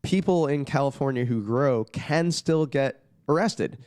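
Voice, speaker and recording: A man's voice: mid-range voice, unhurried, a little mellow, no echo. A male musician being interviewed on a podcast, laying out his views in long, reasoned stretches. His voice sits in an ordinary middle range. The sound is dry and close, with no room around it. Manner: earnest, talks in long reasoned runs. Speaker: touring musician guest.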